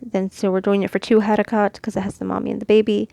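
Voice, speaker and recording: A woman from Mexico gives a relaxed, patient lesson, stopping often to demonstrate sounds. Her mid-height voice has a slightly gravelly texture. The recording is close and dry, with no room sound. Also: mid-range voice, quick pace, hardly any pauses, dry recording. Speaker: Quran reading teacher. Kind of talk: casual instructional lesson.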